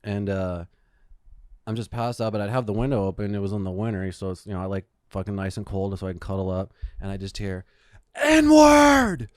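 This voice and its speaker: A man's voice: low-pitched, little pitch movement, fast, dark tone, smooth, no echo, studio quality. Profane rambling storyteller man. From Phoenix, Arizona. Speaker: podcast co-host. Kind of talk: casual chat.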